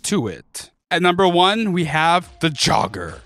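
A man's voice: sing-song, a little slow, hardly any pauses, a bit bright, no echo. A man hosting a gaming channel, doing a comedic voice-over full of jokey asides. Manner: goofy, jokey asides and playful pitch leaps.

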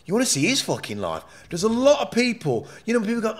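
A man, talking candidly in a podcast interview. He swears constantly, jumps between loud outbursts and low mutters, and restarts his sentences as the stories pour out. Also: brisk, few pauses. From England. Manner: animated, profane, rambling with frequent restarts. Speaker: podcast guest.

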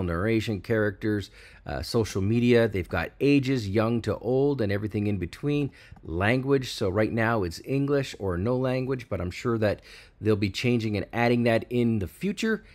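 A tech channel host talks excitedly over a screen-recorded software walkthrough, hyping up every feature. He speaks at a medium pitch.

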